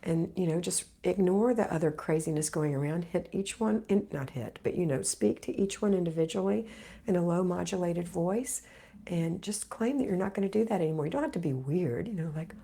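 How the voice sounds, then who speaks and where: A woman's voice: fairly low pitch, lively intonation, brisk, gravelly, dark tone, breathy edge. A middle-aged woman hosting a live homemaking Q&A, reading viewer comments aloud and answering them in an encouraging, motherly way, just getting over an illness. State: recovering from illness. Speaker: homemaking livestream host.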